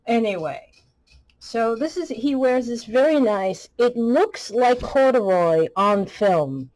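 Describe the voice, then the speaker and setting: A woman's voice: medium pitch, animated, measured pace, a little mellow, rough recording. A woman hosting a casual toy review vlog, chatty and playfully scolding.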